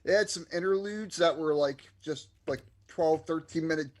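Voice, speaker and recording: A man's voice: fairly high pitch, normal speed. Wisecracking male co-host. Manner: wisecracking, crude jokes, loose and easygoing. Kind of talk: casual chat.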